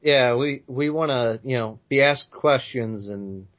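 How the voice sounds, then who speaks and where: Man, podcast co-host, mid pitch, easygoing, muffled lo-fi recording. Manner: easygoing, measured, often hedges with "I think". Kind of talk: casual chat. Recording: dull lo-fi sound.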